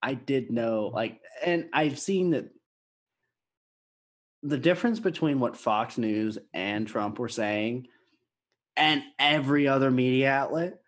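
A man co-hosting a podcast over a video call, talking loosely with quick exclamations and the odd swear. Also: medium pitch. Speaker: podcast co-host.

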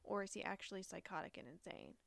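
Chatty young woman with a gravelly edge. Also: medium pitch, very animated, quick pace, dry recording. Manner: chatty, thinks aloud with many rhetorical questions. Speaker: podcast co-host. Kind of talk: casual true-crime chat.

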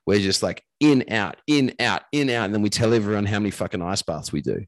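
A man's voice: on the low side, fairly quick, no room sound. A man, a coach and podcast guest, talking earnestly and emphatically in casual conversation, swearing now and then.

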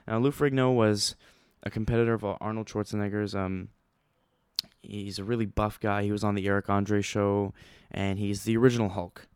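Young man, low-pitched, smooth voice, rambling excitable storytelling, close dry mic. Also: moderate pace, no echo. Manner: rambling, excitable, many fillers and restarts. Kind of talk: casual storytelling vlog.

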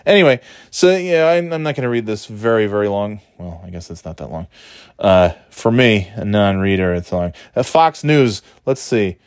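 A man hosting a podcast, ranting in a casual, profane, exasperated way and mocking people in high put-on voices. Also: big pitch swings, moderate pace, clear, resonant tone, dry recording, clean studio sound. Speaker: podcast host.

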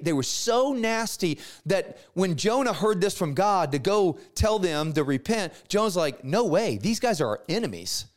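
With a high-pitched voice, a man leads a Bible class in a lively, relaxed style. He retells the stories with slangy asides and performs the characters.

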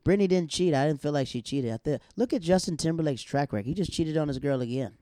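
Animated man telling a story, dark voice. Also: a little high, fast, dry recording, clean studio sound. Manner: animated storyteller, acts out other people's lines; laughs often while talking. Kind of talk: casual chat.

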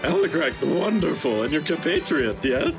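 A man doing a high, gushing eccentric party host, tall and thin, top hat, music playing behind. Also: very animated, normal speed. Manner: giddy, gushing, breaks into laughter.

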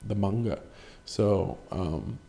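Gravelly low-voiced man rambling casually. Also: lively intonation, slow, mellow. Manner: rambling, swears freely, jokes at himself. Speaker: podcast host. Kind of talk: casual solo podcast chat.

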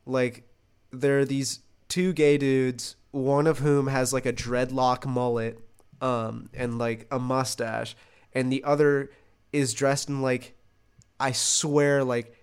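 A man's voice: mid-range voice, smooth. A young man co-hosting a podcast, telling a rambling, profane story in casual chat and breaking into laughter. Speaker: podcast co-host. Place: Los Angeles.

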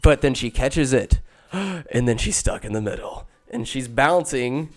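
A man casually recapping a film, rambling, swearing and telling the story with animated asides. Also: on the high side, measured pace, clear, resonant tone.

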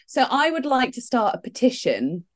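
Animated, giggly podcast woman. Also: high-pitched, moderate pace. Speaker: podcast co-host. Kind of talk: casual chat.

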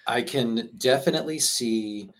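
A man's voice: mid-range voice, a little slow. A man co-hosting a casual movie podcast, playful and teasing, laughing often. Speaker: podcast co-host.

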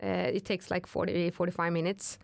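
Woman rock singer, lower voice, casual chat, fillers and restarts, dry close sound. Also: fairly quick, creaky, no room sound. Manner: relaxed, chatty, many fillers and restarts. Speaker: rock singer, interview guest.

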